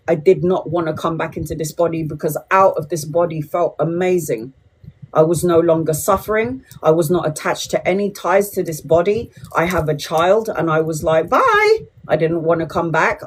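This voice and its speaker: A woman's voice: on the low side, darkish tone, slightly rough. A woman, chatting bluntly and swearing freely with viewers as a tarot reader on a livestream. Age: 40s. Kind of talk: casual livestream chat to viewers.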